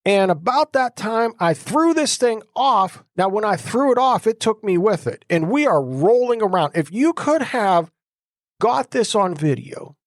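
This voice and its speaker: A middle-aged man telling his personal deliverance testimony in a casual, animated way, dropping slang like bro and dude. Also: sits high, a little slow, no echo, clean studio sound. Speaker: exorcist sharing his testimony.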